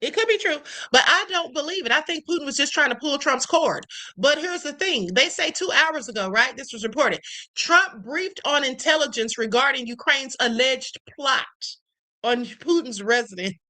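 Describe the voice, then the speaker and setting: A woman's voice: high-pitched, expressive, moderate pace, sharp tone. A woman hosting a live stream, reading news headlines aloud and adding chatty, sassy asides.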